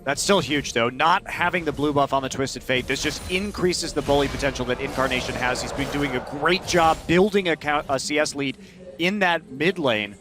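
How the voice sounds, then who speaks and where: A man's voice: fairly high pitch, normal speed, background noise. A man doing color commentary on an esports match, explaining the strategy behind each play. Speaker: esports analyst.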